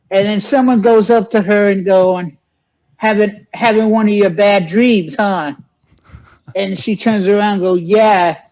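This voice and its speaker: A man's voice: high-pitched, darkish tone. A man guesting in a casual movie chat, rambling through ideas and laughing at them. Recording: dull, lo-fi sound.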